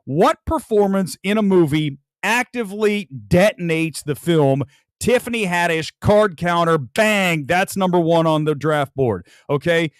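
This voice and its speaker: A man's voice: sits high, measured pace, clean tone, no echo, studio quality. A man hosting a film talk show who speaks straight to his viewers, reviewing movies in an emphatic, blunt, opinionated way. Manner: addresses the audience directly. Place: room with film posters on the walls.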